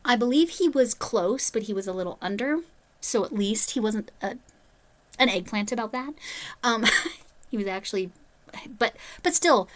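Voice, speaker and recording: A woman's voice: fairly high pitch, expressive, normal speed, pauses often. A woman vlogging about crochet, telling a story in a chatty way with rambling, self-deprecating asides. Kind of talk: casual storytelling.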